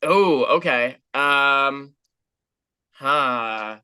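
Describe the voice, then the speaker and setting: A man answers quick questions as a guest on a video call, relaxed and easily amused, often pausing with ums. His mid-pitched voice sounds bright and smooth. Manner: relaxed, hesitant with many ums, laughs easily. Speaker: guest musician. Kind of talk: casual video call interview.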